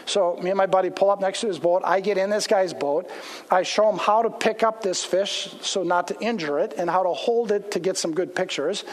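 A man's voice: high-pitched, a little fast. A man, a pastor, telling a casual anecdote as part of a sermon in a church. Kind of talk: storytelling sermon. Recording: long hall reverb.

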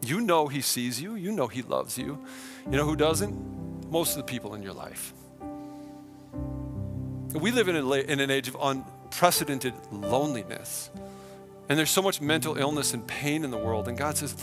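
A male pastor preaching a sermon in an animated storytelling manner, swinging between hushed tones and excited exclamations. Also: mid-range voice, moderate pace, long pauses. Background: music.

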